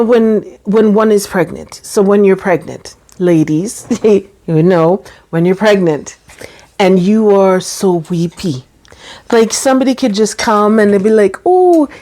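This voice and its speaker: Slow-talking, chatty woman who laughs a lot. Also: mid-range voice, dark tone. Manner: chatty, laughs often, drifts into quoted voices. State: getting teary. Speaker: channel host sharing her experience. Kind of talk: personal talk to camera.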